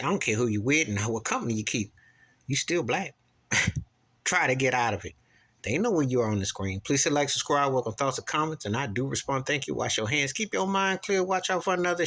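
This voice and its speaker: A man vlogger delivering a preachy, impassioned opinion rant to camera, repeating his points and jumping into sudden high-pitched outbursts. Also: fairly bright tone.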